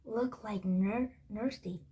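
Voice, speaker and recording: A woman's voice: mid-range voice, warm tone, breathy edge. A woman voicing a brave, old-fashioned young boy sorcerer in a read-aloud storybook. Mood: plain. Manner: halting read-aloud delivery.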